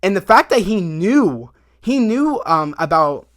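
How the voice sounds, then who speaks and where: Animated, bright-voiced man recapping a show. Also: high-pitched, unhurried. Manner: rambling, animated retelling with many fillers and acted quotes. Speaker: video reviewer. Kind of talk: casual spoken episode recap.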